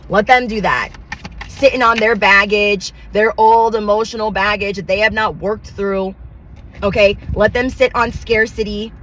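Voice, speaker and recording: A woman's voice: mid-range voice, a bit bright, a little hiss or hum, poor audio. A woman giving a channeled tarot reading, talking in emphatic, repetitive affirmations with casual slang. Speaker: tarot reader.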